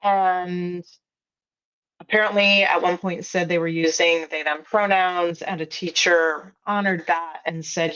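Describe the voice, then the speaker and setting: A woman journalist and podcast host, raspy from a cold, giving thoughtful casual commentary as a guest on a live panel. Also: lowish voice, fairly even intonation, a little slow, fairly bright tone, highs cut off. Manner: thoughtful, explains at length with fillers.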